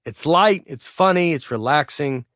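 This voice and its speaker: A man's voice: on the high side, unhurried, dry recording. Laid-back Southern man reading dry. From Tennessee. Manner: laid-back, deadpan storytelling. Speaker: author narrating his own audiobook. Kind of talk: humorous audiobook narration.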